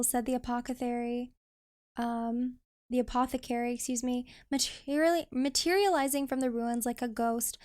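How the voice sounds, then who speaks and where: A woman streaming a video game, chatting casually and reading story text aloud, expressive and quick to swear and complain dramatically. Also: fairly high pitch.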